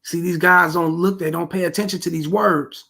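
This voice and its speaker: A man with a husky, raspy voice and a gravelly edge delivers casual dating-advice commentary. He talks slangy and emphatic, constantly addressing his listeners as fellas and bro. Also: high voice, steady tone, normal speed, bright, forceful tone.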